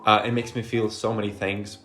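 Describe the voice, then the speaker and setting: Chatty young man, low voice. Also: flat delivery, brisk, fairly bright tone, faint music behind. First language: Russian. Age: 20s. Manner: chatty and enthusiastic, swears often. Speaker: vlogger. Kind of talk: casual Q&A chat to camera. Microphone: camera he sets up himself.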